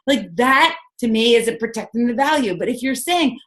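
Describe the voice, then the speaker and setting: A woman's voice: fairly high pitch, lively intonation, a little fast, hardly any pauses. A woman leading a team call, coaching with energy and enthusiasm and firing off rhetorical questions. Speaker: sales team leader. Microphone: conference call.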